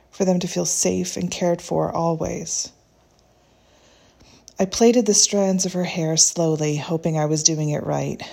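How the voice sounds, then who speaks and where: A woman reads a reflective first-person story in a gentle, unhurried, tender manner. Her voice is low and husky, with a gravelly edge. The tone stays mellow and soft.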